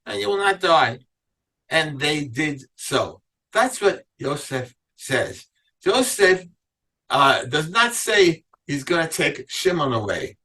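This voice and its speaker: A man's voice: fairly high pitch, bright, forceful tone, far from the mic, rough recording. A man teaching a Torah class as a rabbi, reading verses aloud and then asking his listeners pointed questions. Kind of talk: Torah lecture to a live class.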